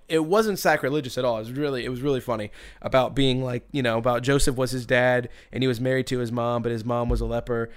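A man hosting a podcast tells a long story in loose casual chat. He rambles, restarts his sentences and laughs as he goes, and his voice sits at an ordinary middle pitch. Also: clear, resonant tone.

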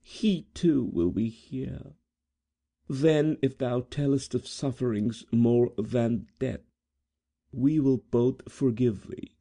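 A man voicing a gentle, fragile young woman in mourning, in a high girlish voice, in an audiobook reading. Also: slow, gravelly. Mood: mournful, solemn.

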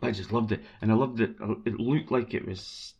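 A man's voice: mid-range voice, normal speed, darkish tone, slightly rough. A man chatting casually about football, rambling and self-mocking as he answers listeners. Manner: rambling, self-mocking, bursts into sung chants. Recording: dull lo-fi recording.

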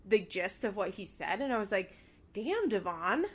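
A woman's voice: mid-range voice, brisk, slightly rough. A woman co-hosting a casual chat, animatedly retelling scenes with lots of filler words. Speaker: podcast co-host recapping a reality show.

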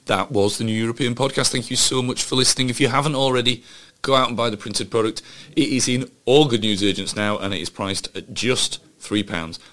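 A man's voice: mid-range voice, a little fast, a bit bright. A man co-hosting a casual political podcast, dropping dry quips and short interjections, then reading the sign-off. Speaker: podcast co-host.

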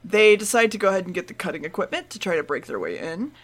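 A woman's voice: fairly low pitch, sing-song, fast talker, fairly bright tone. A woman co-hosting a podcast, chatting casually as she recaps an episode, laughing and swearing now and then. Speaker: podcast co-host.

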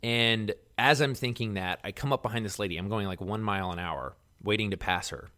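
Laid-back low-voiced man telling stories. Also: a little fast, sharp tone. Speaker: podcast co-host. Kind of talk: casual chat storytelling. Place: Los Angeles.

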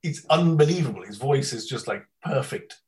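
A man chatting casually as a podcast guest, telling rambling stories with lots of ums and quick impressions. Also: mid-range voice, animated, a little mellow, a little hiss or hum, low-quality recording.

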